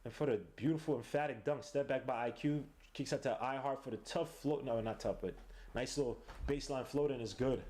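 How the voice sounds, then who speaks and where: A man hosting a podcast, giving live play-by-play commentary on a game he is watching, excitable and slangy, bursting into shouts at big plays. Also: mid-range voice, brisk, a little hiss or hum. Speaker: podcast host.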